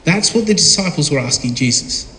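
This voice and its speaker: A man with a high voice preaches a sermon, firing questions at his listeners and slipping into other voices. He is heard in a big room with a long, ringing echo. Faint ambient noise sits underneath. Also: animated, brisk, bright, forceful tone. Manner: asks the audience questions and acts out voices in quotes. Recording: echoey hall with long reverb, faint ambience.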